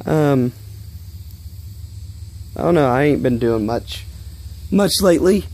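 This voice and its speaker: A man's voice: mid-range voice, animated, slow pace, long pauses, darkish tone, slight background noise. A young man rambling and swearing casually in a vlog, talking outdoors in his yard. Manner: rambling, profane, easily irritated. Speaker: vlogger.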